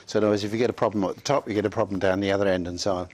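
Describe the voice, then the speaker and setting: A man with a fairly low voice explains a hands-on technique at a live workshop. He walks the audience through it step by step, steady and instructive. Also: rapid-fire. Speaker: workshop presenter.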